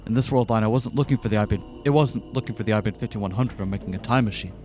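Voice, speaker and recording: A man hosting a let's-play reads a visual novel aloud in a fairly low voice. He keeps it casual, dropping in joking asides, while faint music plays underneath. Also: fast, a little mellow. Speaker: let's-play host reading the game.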